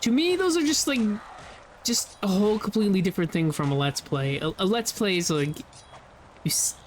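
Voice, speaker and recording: A man's voice: sits high, lively intonation, brisk, slight background noise. A man talking casually over gameplay, rambling and often restarting his sentences. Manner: rambling, self-interrupting, frequent "like". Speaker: let's play commentator.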